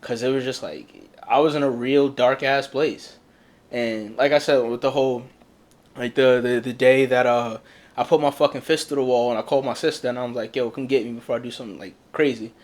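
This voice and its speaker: A young man co-hosting a casual podcast, telling a personal story in a blunt, profane, animated way. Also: medium pitch, normal speed. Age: young adult. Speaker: podcast co-host. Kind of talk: casual candid chat.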